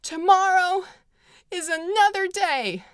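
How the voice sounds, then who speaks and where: A woman's voice: extremely high pitch, slow pace, fairly bright tone, dry recording, clean studio sound, voice pushed up, exaggerated voice. A woman voicing a dramatic young Southern belle heroine in a breathless, overwrought, theatrical way. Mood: tragic.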